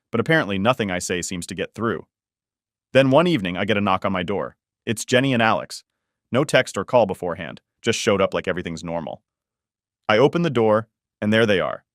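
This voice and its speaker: A man's voice: on the low side, no echo, clean studio sound. A man narrating a first-person family drama story in an exasperated, matter-of-fact way.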